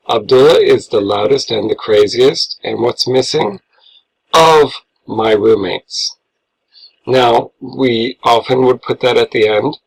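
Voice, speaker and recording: A man's voice: on the low side, gravelly, husky, rough recording. A man teaching a grammar lesson, patiently walking through worksheet answers step by step as he marks corrections. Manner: patient, explains step by step, talks through his writing. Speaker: English teacher.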